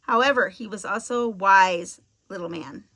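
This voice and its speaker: A woman reading a children's storybook aloud in a clear, expressive way. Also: mid-range voice, normal speed.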